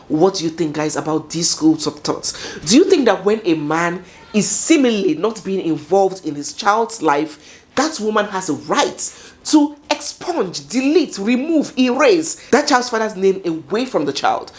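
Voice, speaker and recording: Nigerian woman, vlog host, dramatic and self-talking, very animated intonation. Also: mid-range voice, unhurried. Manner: dramatic, talks to herself, laughs often. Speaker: vlog commentator.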